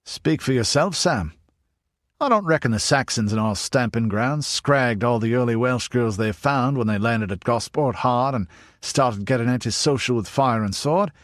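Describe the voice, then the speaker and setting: A man voicing a big, burly, older ranger, gruff and teasing. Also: medium pitch, normal speed, a bit bright, no echo, studio quality, pitched above the performer's own voice, lightly acted.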